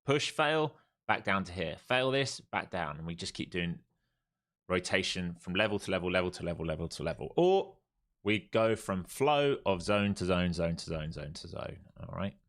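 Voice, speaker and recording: Low-voiced guy on a live trading stream, walks through chart levels then groans and cusses at the market. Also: normal speed. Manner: swings from calm chart talk to exasperated outbursts at the market. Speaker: live-streaming day trader.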